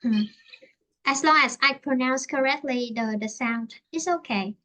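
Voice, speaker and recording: Her high, bright voice moves unhurriedly through a relaxed online English lesson conversation. The teacher, who has a Vietnamese accent, frequently hesitates and fills the silences while looking for the right words.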